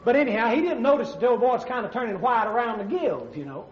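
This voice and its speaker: A man's voice: very high voice, lively intonation, quick pace. A man with an Alabama accent, a pastor telling folksy comic stories with drawling asides. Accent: Southern US, Alabama. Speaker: pastor and comedian. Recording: roomy, dull old comedy record.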